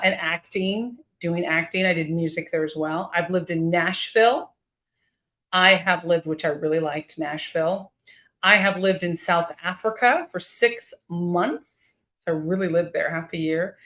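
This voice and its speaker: Livestream host, woman, casual and chatty, a bit low-pitched. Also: fairly bright tone. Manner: chatty, reads out viewer comments. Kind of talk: casual live-stream chat with viewers. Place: home office with high ceilings and skylights.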